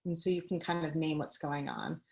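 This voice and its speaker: A woman's voice: sits low, steady tone, a little fast, vocal fry, a little mellow, rough recording. A woman giving a conversational talk on a video call, mixing personal stories with practical advice and light laughs. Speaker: guest speaker.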